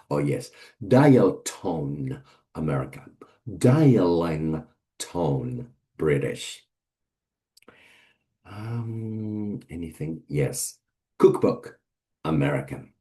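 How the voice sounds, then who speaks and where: A man's voice: rumbling low, animated, drawn-out words, long pauses, warm tone. A man giving a casual vocabulary lesson, hesitant with many fillers as he lists word pairs one by one. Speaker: English teacher.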